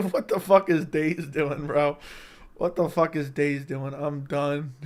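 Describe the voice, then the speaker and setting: A young man hosting a casual livestream from a room at home, talking close into a studio mic, joking and crude, with sudden loud bursts. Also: a little high, fairly even intonation, takes it slowly. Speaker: livestream host. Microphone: close studio mic with audio interface.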